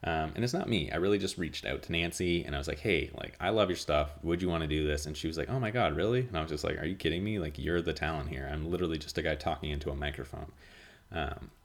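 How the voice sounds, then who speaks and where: A man hosting his own podcast, talking casually in a nasal monotone and rambling with lots of fillers and restarts. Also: a bass voice, fast talker. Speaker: podcast host. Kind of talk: casual solo podcast chat.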